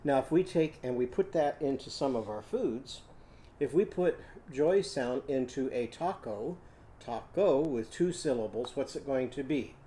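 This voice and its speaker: A man teaching a children's phonics lesson, drilling sounds in a slow, clear, sing-song way. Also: mid-range voice, expressive, warm tone. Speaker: literacy teacher.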